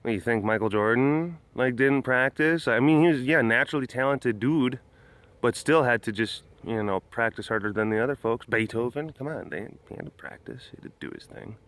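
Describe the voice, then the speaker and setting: A man guides tours at a big cat sanctuary and hosts a casual outdoor vlog there. His mid-range voice is brisk and a bit bright, and he rambles and jokes with plenty of fillers and restarts.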